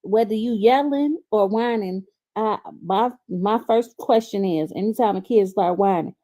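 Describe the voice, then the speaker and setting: A woman on a casual livestream panel with a mellow, warm tone at a middle pitch. She is plain-spoken and matter-of-fact. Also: unhurried, hardly any pauses.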